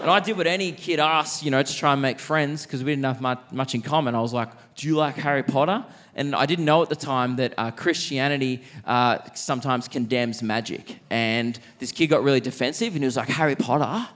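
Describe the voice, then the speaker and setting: A young man doing stand-up comedy on a theatre stage, telling stories quickly and playfully into a handheld mic. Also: mid-range voice, fairly bright tone.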